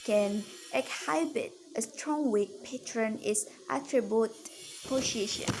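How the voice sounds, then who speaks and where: Woman with a higher voice reading out a lesson really slowly, says okay a lot, bit of hiss behind. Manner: slow, careful, with many repeated "okay"s. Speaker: student presenter. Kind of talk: reading a lesson on English word stress.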